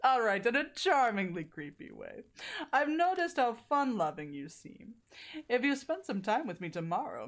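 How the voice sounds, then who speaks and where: A woman's voice: mid-range voice, close to an everyday voice. A woman voicing a hulking, creepy yet sweet female huntress killer in a mock Russian accent, with a playful, wheedling manner. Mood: coaxing.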